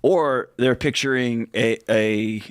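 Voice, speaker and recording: A man's voice: mid-range voice, slow, clear, resonant tone, no room sound, clean studio sound. Blunt emphatic male radio co-host. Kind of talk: radio advice show talk.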